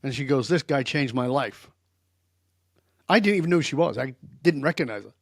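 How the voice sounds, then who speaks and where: A man's voice: mid-range voice, fairly quick, vocal fry, no room sound, clean studio sound. An older man telling stories in a direct, emphatic way as a guest in a podcast interview. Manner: direct, emphatic, animated storyteller. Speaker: guest expert.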